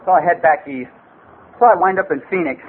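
A man's voice: high-pitched, a little fast. A man in his forties telling his story at a recovery meeting, rambling and streetwise, with "you know" every few words. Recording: tinny lo-fi tape with faint hiss.

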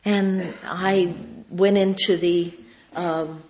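A woman's voice: on the low side, steady tone, extremely slow, darkish tone, slight background noise. A woman speaking at a recovery meeting, telling a personal story in a folksy, wry way and acting out the dialogue she recalls.

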